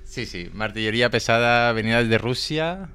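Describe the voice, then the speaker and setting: A man presenting a song on a casual radio show, talking in a rapid, animated way. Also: mid-range voice, smooth. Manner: rapid, animated, switching languages. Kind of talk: casual chat.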